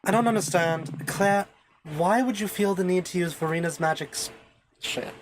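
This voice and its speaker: A woman voicing a concerned woman mentor who speaks calmly. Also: fairly low pitch, normal speed, background noise, close to an everyday voice.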